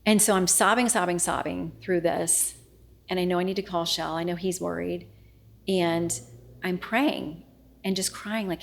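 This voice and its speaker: A middle-aged woman, a news anchor, telling a personal story in an interview, earnest and often dropping to a hushed voice as she re-enacts what was said. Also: lowish voice, fairly even intonation, a little slow, gravelly. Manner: earnest, reenacts dialogue, often drops to a hushed voice.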